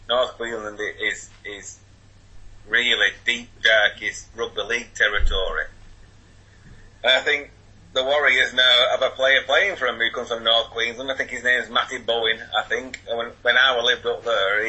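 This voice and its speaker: A man's voice: mid-range voice, pushed and bright, highs cut off. A man in his forties with a Wigan accent, chatting as a podcast guest over an internet call, rambling with many restarts. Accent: Wigan, Lancashire. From Wigan, England. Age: 40s. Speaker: podcast guest, football fan. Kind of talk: casual remote interview.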